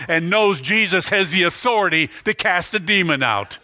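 Preacher man going hard on a sermon, bright forceful tone, repeats himself for punch, dry close sound. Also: high-pitched, animated, moderate pace, few pauses, no echo. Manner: emphatic, repeats lines for stress, rises to near shouts.

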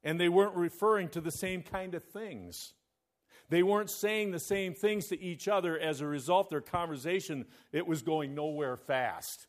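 Brief: male preacher, sermon delivery, somewhat high voice, call-and-response. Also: normal speed. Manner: calls out "Amen?" to the congregation. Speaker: pastor.

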